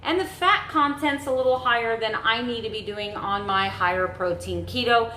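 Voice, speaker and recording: A woman's voice: fairly high pitch, moderate pace, bright, forceful tone, slight background noise. Chatty woman vlogging in an echoey kitchen. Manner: chatty, rambling, friendly asides to viewers. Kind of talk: casual day-in-the-life vlog chat. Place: home kitchen.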